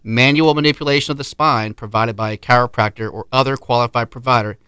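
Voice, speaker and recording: A man's voice: medium pitch, steady tone, quick pace, pushed and bright, clean tone, dry recording. A man hosting a casual interview, upbeat and chatty, explaining insurance coverage. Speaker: podcast host, insurance agent.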